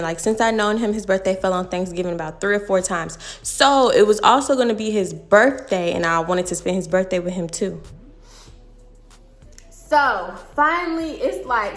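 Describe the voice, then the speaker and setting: A woman's voice: medium pitch, roomy sound. A young woman in her twenties telling a dramatic personal story in casual vlog style, laughing and acting out her own lines. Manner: animated, laughing, dramatic re-enactments. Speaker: storytime vlogger.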